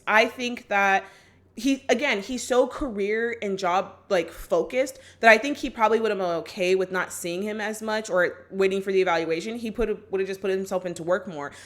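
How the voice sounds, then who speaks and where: Here a woman vlogger walks through a movie in a chatty, casual recap, acting out lines and filling her speech with "like" and "just like." Her voice is medium-pitched and a bit bright.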